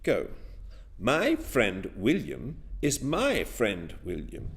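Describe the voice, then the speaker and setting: A man's voice: lowish voice, huge pitch swings, slow pace, husky. A man teaching a class, guiding the pupils step by step through a chanted rhyme with counts and clapping. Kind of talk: classroom rhythm lesson.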